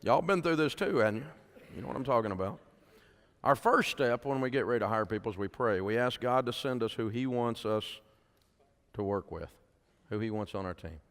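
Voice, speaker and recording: A man's voice: mid-range voice, expressive, fairly quick. A middle-aged man, speaking to a conference audience in a folksy storytelling way and often asking the crowd questions. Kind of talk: speech to an audience. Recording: long hall reverb.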